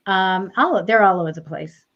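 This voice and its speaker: A woman's voice: mid-range voice, moderate pace, highs cut off. A woman co-hosting a live psychic show, talking in a chatty, rambling way and laughing often. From United States. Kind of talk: casual chat.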